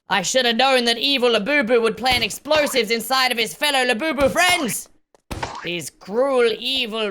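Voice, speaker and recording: Excitable woman gaming host, bright and high, yelps and exclaims over play, faint game music underneath. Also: moderate pace. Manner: excitable, exclamatory, often shouting. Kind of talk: excited gameplay commentary.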